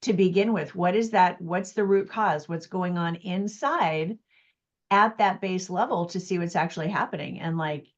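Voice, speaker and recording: A woman's voice: fairly low pitch, normal speed. A woman hosting a podcast in a casual, upbeat voice, stressing her points with conviction. The recording sounds a little dull and muffled.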